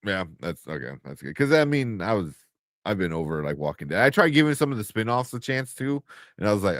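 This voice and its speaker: Reading out viewer comments with a laugh, a man co-hosts a live entertainment news show in casual chat. His fairly low, slightly bright voice swings widely in pitch and moves a little fast. The studio-quality recording has no room sound.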